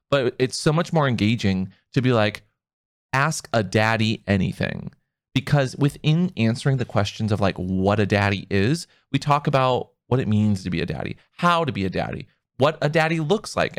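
A playful man co-hosting a podcast, teasing his partner as they chat. His pitch swings widely, and the sound is close and dry, with no room echo. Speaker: podcast co-host. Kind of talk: casual chat.

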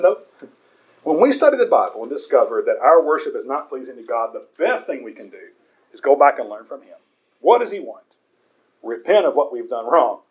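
A man's voice: mid-range voice, a little mellow, lo-fi sound. A man preaching a conversational Bible sermon in an earnest way, often stumbling over repeated words.

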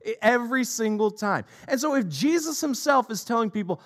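A man's voice: very high voice, expressive, fairly quick, few pauses. A middle-aged man preaching a sermon as a pastor, emphatic and repetitive in his delivery.

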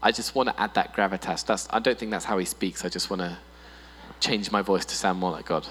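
A man preaching a sermon in a church hall, animated and playful, often putting on voices for humor. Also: deep voice, fairly quick. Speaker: pastor. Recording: long reverb in a hall with mains hum.

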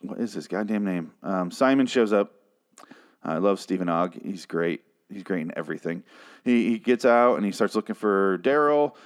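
A man's voice: sits low, animated, normal speed. Sarcastic, cursing man ranting. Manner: sarcastic, profane, exasperated. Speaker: TV episode reviewer. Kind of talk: casual recap and rant.

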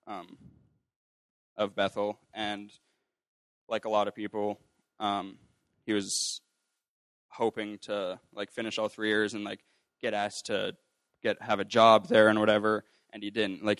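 Young man, low gravelly voice, dry close sound, telling a rambling personal testimony. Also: a bit bright, no room sound. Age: young adult. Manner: rambling with many fillers and restarts; acts out quoted voices. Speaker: ministry student sharing a testimony.

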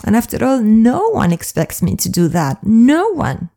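A woman flow coach speaking in an earnest, confiding, soft-spoken personal monologue. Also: fairly high pitch, huge pitch swings, measured pace, gravelly.

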